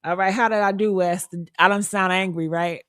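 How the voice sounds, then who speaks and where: A woman's voice: mid-range voice, fairly even intonation, normal speed, a bit bright, no room sound, clean studio sound. A woman hosting a casual livestream chat, sassy and teasing, laughing often. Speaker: live show host.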